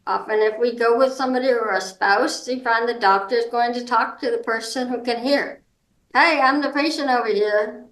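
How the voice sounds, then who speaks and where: A woman speaking as a guest advocate, giving practical advice in an informal, halting way with many ums and restarts. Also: fairly high pitch, fairly bright tone. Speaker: guest, hard of hearing and seniors advocate. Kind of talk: explanatory advice talk. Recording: roomy echo.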